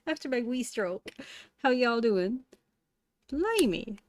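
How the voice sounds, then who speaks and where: A woman's voice: on the high side, big pitch swings, slow pace, no room sound, clean studio sound. Chatty Cork Irish woman streaming. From Cork, Ireland. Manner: chatty, playful and self-mocking, often laughing. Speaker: live streamer. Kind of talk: casual live-stream chat while crafting.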